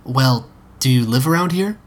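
A man's voice: medium pitch, animated, moderate pace, voice pushed up, close to an everyday voice. A man reading aloud and voicing an awkward, hesitant teenage schoolboy who stammers over his words. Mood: sheepish.

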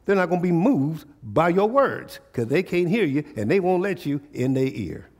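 A male pastor preaches in a casual, conversational dialect, keeping his congregation in call-and-response with rhetorical questions. His voice sits a bit high for a man. It echoes through a church hall with a long reverb tail. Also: big pitch swings, normal speed, darkish tone. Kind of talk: sermon.

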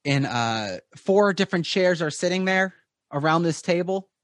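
A man narrating as game master of a tabletop game, rambling with many pauses. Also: high-pitched, lively intonation, no echo, studio quality.

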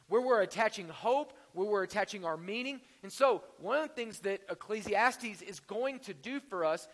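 Man, pastor, sermon, high voice, conversational and jokey, long hall reverb. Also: fairly bright tone. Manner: conversational preaching with jokes and rhetorical questions.

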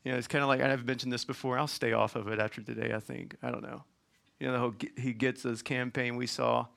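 A man preaching a sermon in a colloquial, folksy way, swinging from loud emphatic points to quiet asides. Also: mid-range voice, little pitch movement, quick pace, creaky.

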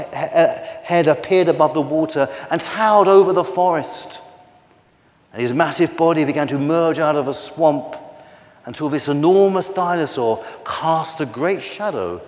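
A man reading a children's story aloud in a lively, expressive way. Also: a little high. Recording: echoey hall.

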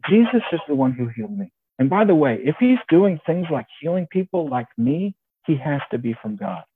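A man's voice: fairly high pitch, sing-song, normal speed, slightly rough. A man voicing a plain-spoken formerly blind man who insists on what happened to him. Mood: earnest. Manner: earnest, insistent, bewildered. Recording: tinny phone-like sound, faint hiss.

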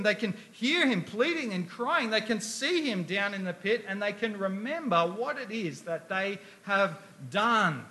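A man delivers a sermon in a high, bright voice. He talks with emphasis, and he keeps putting rhetorical questions to his listeners. He reads passages of scripture aloud as he goes. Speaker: preacher.

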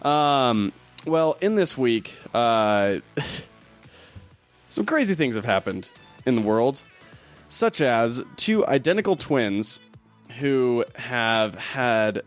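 A young man hosting a casual podcast, relaxed and storytelling with frequent laughs. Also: medium pitch, drawn-out words, soft background music. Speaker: podcast host. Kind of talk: casual chat.

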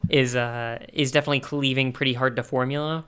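A man's voice: medium pitch, fairly even intonation, fast, fairly bright tone, smooth. A man co-hosting a podcast in casual chat, thinking aloud with wry, joking asides. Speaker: podcast co-host.

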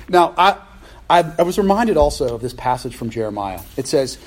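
A male pastor preaching a sermon in a conversational, animated way, with playful asides, at a church service. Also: a little high, a little fast.

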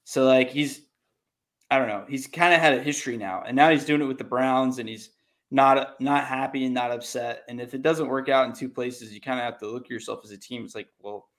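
A man's voice: mid-range voice, fairly even intonation, a little fast. A young man in casual sports chat, laid-back and hesitant, with many fillers.

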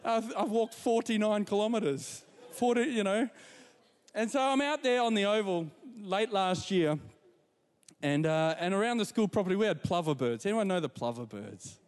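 A man delivers a sermon, moving between scripture and everyday stories about his week. His voice sits high and comes through smooth and clear. The sound rings with the long reverb of a large hall. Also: animated, normal speed. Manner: warm storytelling with repetitions and asides to the congregation. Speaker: pastor.

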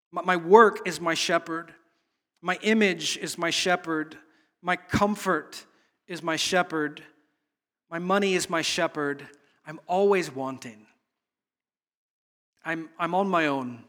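A pastor with a slightly high, fairly bright voice preaches a sermon earnestly and searchingly. He repeats himself and often halts to restart his phrases.

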